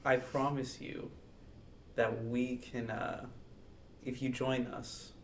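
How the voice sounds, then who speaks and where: Man as a gentle, persuasive adventurer in a tabletop game, softly coaxing, a little off-mic. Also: mid-range voice, flat delivery, slow, a little hiss or hum, natural voice. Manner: soft, coaxing. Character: smooth-talking male adventurer pleading gently. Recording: distant mic.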